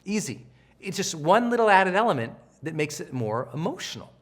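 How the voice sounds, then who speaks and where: A middle-aged man giving a live coaching session, energetic and animated, often acting out the voices of people he quotes. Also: high-pitched, normal speed. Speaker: self-help trainer.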